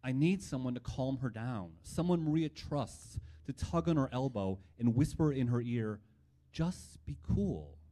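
Mellow-voiced man telling a personal story. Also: medium pitch, lively intonation, moderate pace, few pauses. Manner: wry, reflective.

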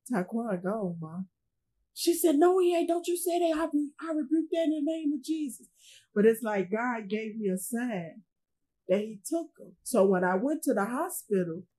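A woman being interviewed as a grieving mother, speaking in a halting way, repeating herself and quoting others, with speech. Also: mid-range voice, a little mellow, slightly rough, low-quality recording. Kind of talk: emotional personal testimony.

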